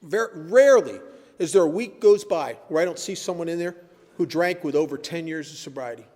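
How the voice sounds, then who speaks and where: A man's voice: on the high side, expressive, brisk, darkish tone. Earnest older man speaking in an echoey hall. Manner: earnest, blunt, storytelling with sudden emphatic rises. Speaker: speaker at a recovery meeting. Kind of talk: personal recovery talk. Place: meeting hall.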